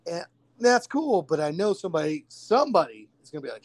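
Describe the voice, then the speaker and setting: A man co-hosting a podcast, talking in a casual, animated way and swearing freely. He acts out little quotes as he tells his stories, and his voice sits a bit higher than most men's. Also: fast talker, dry recording. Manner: animated, profane storytelling with acted-out quotes. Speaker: podcast co-host.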